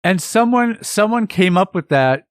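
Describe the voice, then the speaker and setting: A man's voice: high voice, expressive, a little slow, dry recording. Teasing man co-hosting, dry sound. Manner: playful, argumentative teasing. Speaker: podcast co-host. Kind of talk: casual chat.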